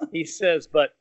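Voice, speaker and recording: A man, a filmmaker guest, telling stories in casual podcast chat, animated and laughing often. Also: on the high side, dry recording. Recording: dull lo-fi dry sound.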